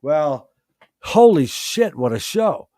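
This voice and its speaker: A man hosting a live stream, talking excitedly about his favourite rock albums, swearing freely and often restarting his sentences. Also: fairly high pitch, takes it slowly, dry recording, studio quality. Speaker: host. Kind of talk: live-stream music chat.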